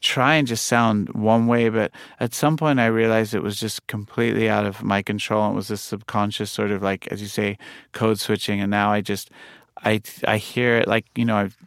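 A man with a blend of English and New York in his accent, chatting as an interview guest. His voice sits low with a smooth, resonant clarity, and his talk wanders with plenty of "like" fillers. The sound is close and dry. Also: level tone, normal speed, no room sound. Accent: mix of English and New York. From England. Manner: rambling, heavy use of "like" fillers. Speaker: music producer, guest. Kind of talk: casual conversation.

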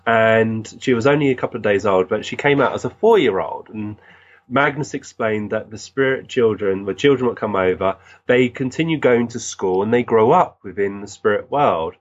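A man, a guest recounting experiences in an animated, earnest way with many restarts. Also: lowish voice, normal speed, highs cut off. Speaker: guest, physical medium. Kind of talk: storytelling in conversation.

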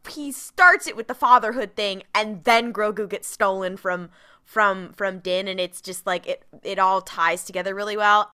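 A woman with a bright, sharp voice chatting with friends about a show. She is excitable and keeps cutting in with quick asides. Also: medium pitch, smooth. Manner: excitable, jumps in with lively interruptions. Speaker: podcast co-host. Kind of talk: casual fan chat.

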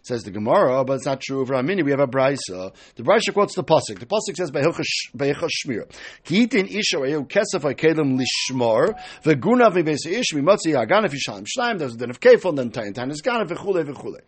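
Male Talmud lecturer: high, lively voice with a husky edge, walks through each step and acts out the quoted lines. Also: quick pace. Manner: explains step by step, acting out quoted speakers. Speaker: Talmud teacher.

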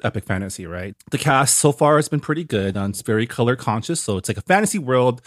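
A man co-hosting a casual podcast, talking in a measured, relaxed way. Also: mid-range voice, no room sound, studio quality. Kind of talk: casual chat.

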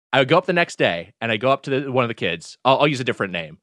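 Man telling a story with a lively voice. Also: medium pitch, racing, few pauses, no echo, clean studio sound. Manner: rambling, self-correcting storyteller. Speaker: podcast co-host. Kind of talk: casual chat, storytelling.

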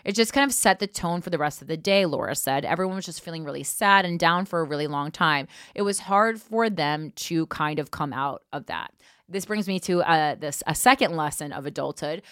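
A woman's voice: sits low, brisk, fairly bright tone, no echo. A woman podcast host reading a news article aloud and breaking off for blunt, profane asides, on a close mic. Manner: blunt, profane asides between read passages.

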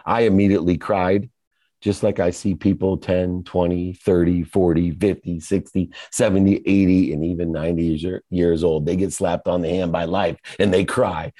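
Middle-aged male motivational speaker, low warm voice, emphatic rhythmic delivery. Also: fairly even intonation, moderate pace, no room sound. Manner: emphatic, rhythmic lists with sudden swells in pitch. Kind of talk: motivational monologue.

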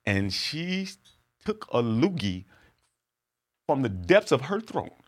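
A man, a comedian and podcast guest, telling a story in a casual, profane and animated way, acting out other people's lines. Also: medium pitch, takes it slowly, no echo, clean studio sound.

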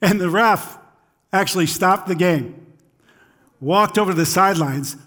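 A middle-aged man preaching in a fairly high voice. He keeps it conversational and often checks in with "right?" His tone is easygoing, like he is talking with the congregation. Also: unhurried, a bit bright. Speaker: pastor. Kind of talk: sermon.

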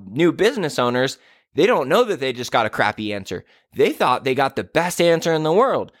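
A man coaching business owners rants candidly in a podcast monologue, exasperated and quick to act out what other people say. His voice sits at a middle pitch and is recorded close and dry, with no room sound. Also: dry recording. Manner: candid, exasperated ranting with quoted asides.

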